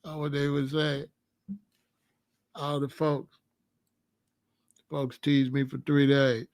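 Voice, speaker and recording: Animated profane male storyteller. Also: medium pitch, takes it slowly, dry recording. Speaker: channel host telling a prison story. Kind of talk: casual storytelling monologue.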